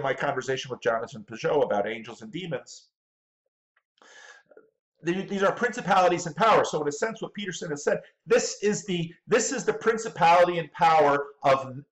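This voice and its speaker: A man's voice: a little high, low-quality recording. A male pastor giving running commentary on a video clip, thinking aloud in a stop-start way and repeating words.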